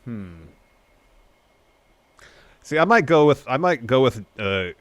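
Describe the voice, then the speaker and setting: A man's voice: medium pitch, very animated, slow pace, no room sound. A man co-hosting a wrestling review show, chatting in a laid-back way and reading out viewer questions. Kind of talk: casual podcast chat.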